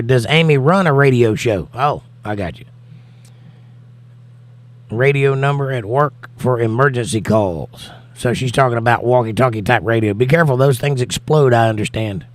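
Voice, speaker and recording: A man's voice: mid-range voice, no room sound. An American man hosting a casual livestream, reading viewer comments aloud and answering them, tired from no sleep. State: tired, has not slept. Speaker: livestream host reading chat.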